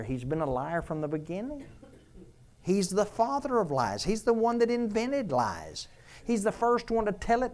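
A man's voice: high voice, darkish tone. An older man preaching a sermon as pastor, conversational and joking, firing off rhetorical questions.

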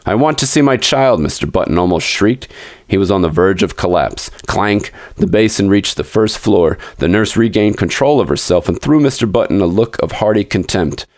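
Low-voiced man narrating a classic tale. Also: expressive, a little fast, darkish tone, dry recording, clean studio sound. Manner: dramatic, addresses listeners directly. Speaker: podcast storyteller. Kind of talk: scripted narration of a classic story.

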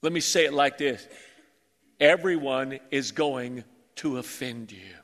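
A male pastor preaching a sermon, animated and joking with his congregation. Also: a little high, unhurried. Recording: reverberant church hall.

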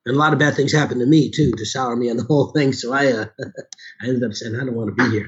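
A middle-aged man with a hoarse, sore-throated voice talks in a relaxed, rambling way. His pitch sits in an ordinary middle range. The sound is a little dull and muffled, like a lo-fi recording. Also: fast. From Chicago, USA. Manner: rambling, with frequent restarts. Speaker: voice actor and audiobook narrator. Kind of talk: casual conversation.

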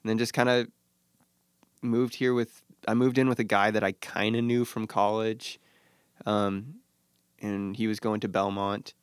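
A man's voice: fairly low pitch, flat delivery, clean tone, no echo, clean studio sound. Easygoing man in casual chat. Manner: easygoing, quick agreeing replies.

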